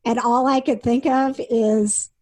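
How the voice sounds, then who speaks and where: A woman's voice: on the high side, steady tone, measured pace, a little mellow. A woman co-hosting a casual podcast, chatting and giggling as she tells stories. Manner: chatty, giggly, restarts sentences. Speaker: podcast co-host. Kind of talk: casual chat.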